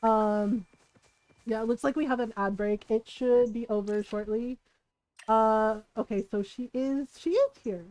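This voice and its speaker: A woman streamer chatting casually while gaming, an animated storyteller who swears freely and laughs often. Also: fairly high pitch, measured pace, no room sound, low-quality recording. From Filipino family. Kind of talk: casual live-stream chat.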